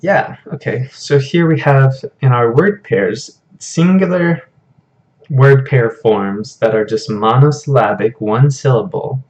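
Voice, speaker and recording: A male teacher walks through grammar at an unhurried, slow pace, chatting casually and filling pauses with ums. His mid-pitched voice comes through slightly dull, lo-fi audio, like a home screen recording. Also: darkish tone. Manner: casual and patient, speaks slowly with fillers. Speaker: Hebrew teacher. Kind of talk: screen-share grammar lesson.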